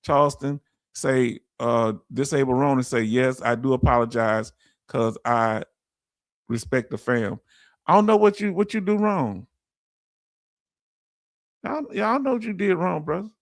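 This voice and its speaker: A man hosting a casual livestream, reading chat messages aloud with animated, laughing energy. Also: medium pitch, unhurried, long pauses, no room sound, studio quality. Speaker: livestream host.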